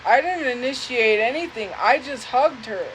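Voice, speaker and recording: A young woman telling a personal story live, speaking earnestly and haltingly and often repeating herself. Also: fairly high pitch, lively intonation, fairly bright tone, a little hiss or hum, poor audio. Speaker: livestream host.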